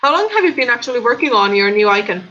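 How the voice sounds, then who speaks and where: A woman's voice: on the high side, very animated, fast, pushed and bright. A woman co-hosting a casual livestream, chatty and stumbling over usernames as she greets viewers. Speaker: stream co-host. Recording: dull lo-fi stream audio.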